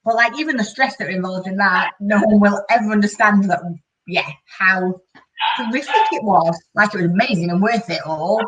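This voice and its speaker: A woman's voice: mid-range voice, moderate pace, fairly bright tone, highs cut off, a little hiss or hum. Younger woman, laughing and frank, far from mic. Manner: laughing, self-mocking and frank. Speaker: co-host. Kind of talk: casual live chat. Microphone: video call. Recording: distant voice on a video call.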